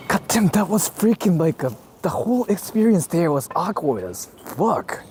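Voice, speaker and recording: A man live-streaming outdoors on a city street, chatting casually in an excitable, self-mocking way and swearing freely, recorded on a handheld camera. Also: high voice, moderate pace, few pauses, slight background noise. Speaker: IRL streamer.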